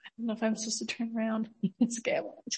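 A woman leading a group, talking in a casual, halting way with many fillers. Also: on the high side, fairly even intonation.

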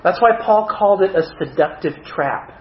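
Animated high-pitched man preaching. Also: normal speed, roomy sound, dull audio, heavy background noise. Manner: animated, self-mocking humor. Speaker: pastor. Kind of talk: sermon.

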